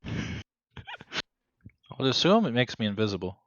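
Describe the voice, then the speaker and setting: A man's voice: medium pitch, big pitch swings, moderate pace, fairly bright tone, dry recording, highs cut off. A man playing a rogue in a tabletop game, checking the rules aloud and muttering while he reads. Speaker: player, rogue. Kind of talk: casual game table chat.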